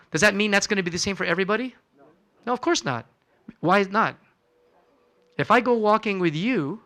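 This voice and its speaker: A man's voice: high voice, pushed and bright. A man, a physician, giving a conversational health lecture in a church hall, quizzing the audience and acting out talks with patients. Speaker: physician presenting a wellness seminar.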